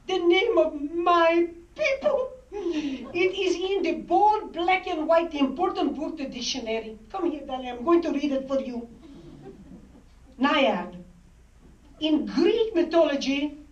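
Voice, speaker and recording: A woman's voice: very high voice, pitched above the performer's own voice, exaggerated voice. A woman voicing her emotional, effusive immigrant father, who makes grand proclamations with tears in his eyes. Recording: roomy hall, distant dull mic.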